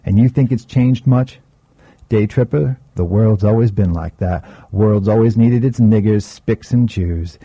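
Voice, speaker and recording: A graying streetwise older man, voiced by a male reader, with a low, dark voice and a husky edge. He talks in a laid-back drawl, easygoing and teasing, and the audio sounds dull and lo-fi. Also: unhurried, no room sound. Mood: wry.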